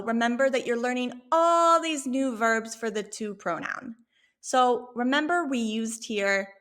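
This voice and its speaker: Bright-voiced woman teaching Spanish. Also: a little high. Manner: clear, patient, slow when modeling Spanish phrases. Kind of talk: language lesson, explaining dialogue.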